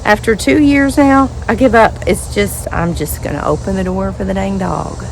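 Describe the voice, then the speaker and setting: A woman's voice: medium pitch, normal speed, vocal fry, few pauses, a little hiss or hum, poor audio. Chatty woman outdoors. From Western Kentucky. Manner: chatty, talks to her dogs in a sing-song voice. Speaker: vlogger. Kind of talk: casual chat to camera. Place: outdoors at home.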